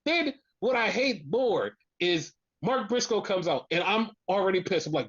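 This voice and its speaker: Podcast co-host, casual chat, profane ranting, lively swooping pitch, dull lo-fi sound. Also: normal speed, breathy edge.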